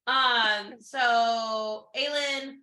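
A woman co-hosting a book podcast, recapping the plot quickly with many fillers and quotes she acts out. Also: a little high, fairly even intonation, bright, forceful tone, echoey room. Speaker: podcast co-host. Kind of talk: casual book chat.

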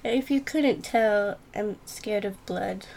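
A young woman chatting casually with her sister, giggly and animated, often cutting in. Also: mid-range voice, takes it slowly, gravelly, slight background noise. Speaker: co-host. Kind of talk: casual chat.

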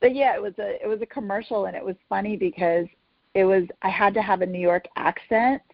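A woman's voice: mid-range voice, fairly even intonation, vocal fry, dry recording. Woman from North Carolina, jewelry designer guest, rambling, many fillers, dry, lo-fi. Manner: rambling, many "you know"s, halting restarts. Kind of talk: casual interview.

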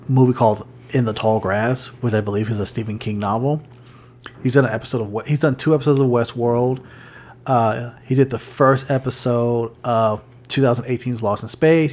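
Male podcast co-host, mid-pitched, loose and rambling, stumbles and restarts while reading notes. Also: darkish tone. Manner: rambling, many fillers and restarts, reads notes aloud. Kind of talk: casual chat.

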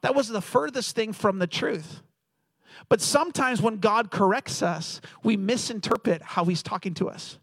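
High-voiced man preaching a sermon. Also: normal speed, no room sound. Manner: storytelling, animated, acts out quoted voices. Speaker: pastor.

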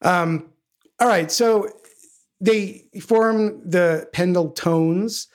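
A podcast co-host steers a casual music discussion through a band's history and introduces songs. He has a high voice and draws his words out.

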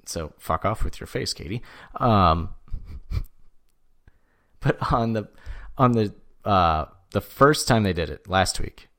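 Male podcast host, low-ish voice, loose chatty storyteller who acts out quotes. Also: takes it slowly, pauses often. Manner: animated storytelling, acts out quotes with jumps in pitch; swears freely, frequent "like". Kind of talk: casual sports chat.

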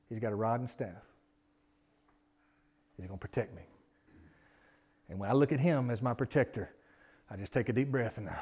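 A man preaching a sermon, earnest, often repeating his words and swinging from loud emphasis to a hushed voice. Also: medium pitch, breathy edge. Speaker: pastor.

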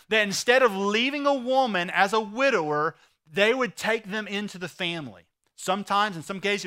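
A man preaching a sermon, retelling a story with animated voices for the characters. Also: high voice. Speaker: pastor.

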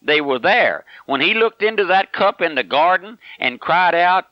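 Emphatic radio preacher, bright lo-fi. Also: male voice, a little high, sing-song, slow pace, dry recording. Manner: emphatic, repeats phrases, addresses listener as my friend. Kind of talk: radio sermon. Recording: dull lo-fi broadcast recording.

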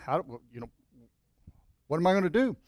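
A man's voice: on the high side, big pitch swings, normal speed, a little mellow, dry recording, studio quality. A man voicing a nervous young male chief in a joke, hesitant and stammering.

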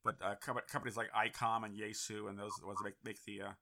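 A man's voice: fairly low pitch, little pitch movement, quick pace, crowd noise. A man hosting a casual interview, talking in an enthusiastic, encouraging and rambling way. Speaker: host.

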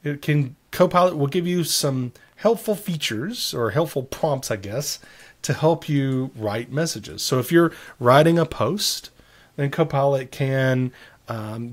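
A man's voice: medium pitch, expressive, a little slow. A man co-hosting a casual tech chat, explaining features at length with joking asides. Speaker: podcast co-host.

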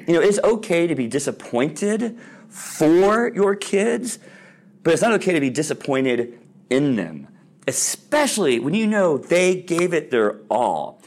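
A man giving an informal Christian talk to parents, telling stories with many ums and restarts and acting out the voices he quotes. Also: medium pitch. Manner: animated storyteller, acts out quoted voices loudly; casual with frequent ums and restarts. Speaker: speaker on Christian sports parenting.

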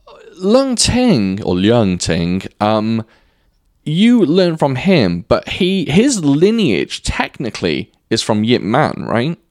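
A man interviews a martial arts teacher, feeling his way through tentative, self-deprecating questions full of fillers. His pitch swings up and down in a lively way. The recording is dry and close. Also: slow, no echo.

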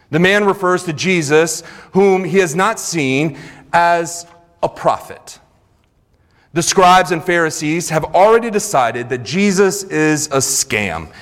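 A man's voice: on the high side, a bit bright. A man preaching a sermon in a church sanctuary, retelling scripture earnestly with conversational asides. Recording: long reverb of a large hall.

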